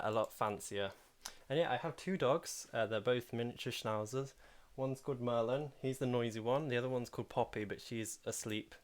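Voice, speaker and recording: A man hosting a casual game livestream, talking in a chatty, rambling way and laughing often while he plays. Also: medium pitch. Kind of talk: casual live commentary while playing.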